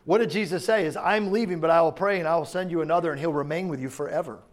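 Man preaching, high-pitched voice, talks like a conversation, keeps asking the crowd questions. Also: quick pace. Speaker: pastor. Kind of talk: sermon.

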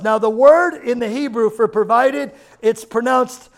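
A man preaching a sermon in an animated way, acting out quotes and laughing often. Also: very high voice, moderate pace. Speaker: pastor.

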